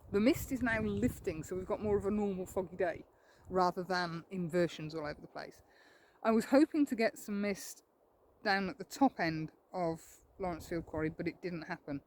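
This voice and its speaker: A woman's voice: mid-range voice, mellow. Chatty woman vlogging outdoors. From England. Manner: chatty, self-deprecating, thinking aloud. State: a little out of breath while walking. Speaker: landscape photographer. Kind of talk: outdoor vlog narration. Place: outdoors in woodland.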